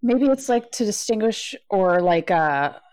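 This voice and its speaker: A woman hosts a casual podcast and reads posts aloud, often giggling and easing into her sentences. Her pitch sits in the middle. The sound is dry and comes from a low-quality mic. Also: expressive, a little slow, a little mellow, no room sound. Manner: giggly, easygoing, hesitant. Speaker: podcast host.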